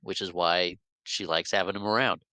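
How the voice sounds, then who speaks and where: A man with a low, bright and forceful voice, talking through a movie in a casual podcast. He stammers into his points and agrees readily. The sound is dry and close. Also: steady tone, normal speed, no echo. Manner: stammering restarts, agreeable interjections. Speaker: podcast co-host. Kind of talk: casual movie review chat.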